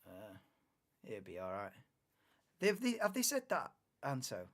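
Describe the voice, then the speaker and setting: A man's voice: mid-range voice, wildly swooping pitch, unhurried, fairly bright tone. A young man hosting a live race watchalong, chatting casually, muttering asides and swearing freely.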